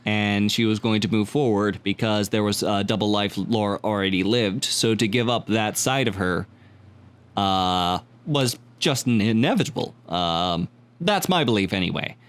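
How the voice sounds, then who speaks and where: Smooth-voiced man, hesitant podcast theorizer. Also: fairly low pitch, moderate pace. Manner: hesitant, many filler sounds while laying out theories. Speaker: podcast co-host. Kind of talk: casual podcast chat.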